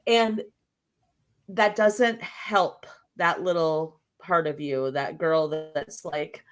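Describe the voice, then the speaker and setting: A woman's voice: on the low side, lively intonation, slow, a bit bright. A woman guest in a casual interview, talking reflectively through an analogy and often checking in with "right?". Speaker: podcast guest.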